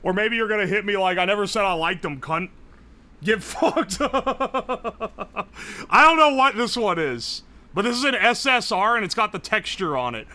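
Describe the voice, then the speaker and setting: A young man streaming live, rambling and swearing as he goes, loud and excitable. His voice sits high and swings up and down a lot, with a bright, forceful edge. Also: unhurried. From United States. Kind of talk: casual live-stream chat.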